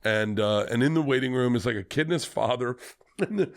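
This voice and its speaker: A comedian on a podcast telling a long personal story in a casual, animated, swearing manner. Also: male voice, mid-range voice, fairly quick, vocal fry. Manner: animated, profane, fillers like "like".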